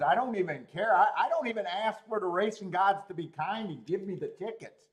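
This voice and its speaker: Excitable, fired-up male stream host. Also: high voice, a little fast, few pauses. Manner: excitable, swearing, pleading, laughing often. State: worked up. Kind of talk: live-stream chat rant.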